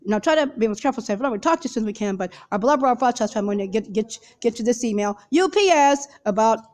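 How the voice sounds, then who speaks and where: A woman with a fairly high voice rushes through a rambling monologue to her viewers. She keeps stalling on repeated fillers and restarting her sentences. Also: expressive, a little mellow. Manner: hurried, halting, many repeated fillers and restarts. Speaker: video blogger.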